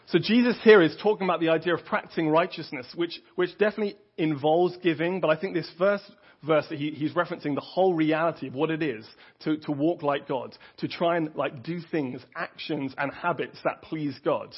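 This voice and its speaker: A man's voice: a little high, brisk, breathy edge. A man preaching a sermon in an earnest, conversational way, often restarting his sentences. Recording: dull lo-fi audio.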